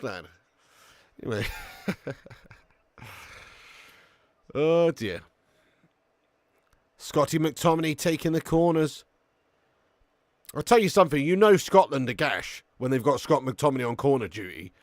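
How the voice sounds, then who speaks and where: Brash, sweary man, fairly high voice. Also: very animated, measured pace, pauses often, dry recording, clean studio sound. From England. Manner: brash, sweary banter, reading viewer comments aloud. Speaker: watch-along host. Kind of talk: live watch-along commentary and chat banter.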